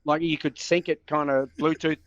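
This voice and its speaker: Host: lively Australian ex-player, slightly muffled dry mic. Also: male voice, on the high side, normal speed, no echo. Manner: animated, laughing storyteller. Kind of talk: casual storytelling chat.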